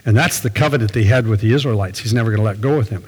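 A man's voice: fairly low pitch, rapid-fire, a little mellow, slightly rough, big-room sound, rough recording. An older man, a pastor, preaching a sermon in a folksy, conversational storytelling way.

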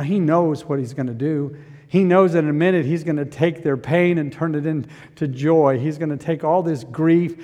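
A middle-aged man preaching a sermon, moving from quiet reflection to loud, impassioned preaching. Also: on the high side, big-room sound. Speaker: pastor.

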